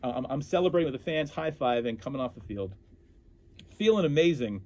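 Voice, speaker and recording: A man telling stories as an interview guest, animated and often breaking off to restart his sentences. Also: mid-range voice, fairly quick. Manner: animated, self-interrupting storyteller. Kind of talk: casual storytelling.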